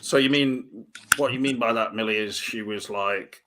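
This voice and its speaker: Deadpan low-voiced man. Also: moderate pace. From Australia. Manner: deadpan, rambling jokes. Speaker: podcast co-host. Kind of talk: casual banter.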